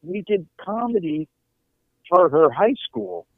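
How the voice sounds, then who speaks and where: A man's voice: high voice, takes it slowly, gravelly, no echo. A middle-aged man, a comedian, telling a story casually and acting out the people in it. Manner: animated, acts out quotes in character voices. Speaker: comedian guest. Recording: tinny phone-like line, dry.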